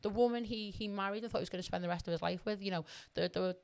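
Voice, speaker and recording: Very fast and clean-toned, this middle-aged woman's mid-range voice carries her candid story as a podcast guest. She talks conversationally, bluntly, and with lots of swearing.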